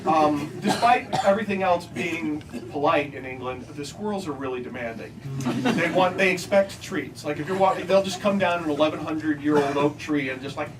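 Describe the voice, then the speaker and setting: A man giving a comic talk at a book signing, telling deadpan anecdotes and jumping into high voices to mimic what others say. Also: normal speed. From United States. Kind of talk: comic talk to a live audience. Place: bookstore event space, mixed with audience. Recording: distant mic, loud crowd and room noise. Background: audience laughter.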